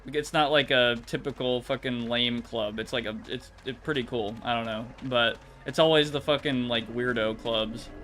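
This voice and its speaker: A man's voice: medium pitch, steady tone, normal speed, few pauses, fairly bright tone, soft background music. A man streaming a video game and chatting casually, rambling, swearing often and laughing easily. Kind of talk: casual chat.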